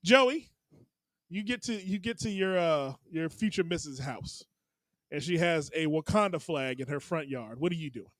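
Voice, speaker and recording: A man's voice: on the high side, animated, measured pace, fairly bright tone, dry recording, rough recording. A man co-hosting a comedy podcast in casual banter, laughing often and restarting his words. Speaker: podcast co-host.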